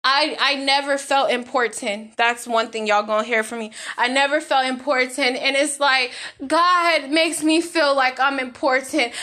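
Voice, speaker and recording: A woman's voice: high-pitched, bright, forceful tone. A woman giving an emotional religious testimony to her viewers, fervent and repeating praise phrases, her voice at times breaking with feeling. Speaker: vlogger giving a faith testimony.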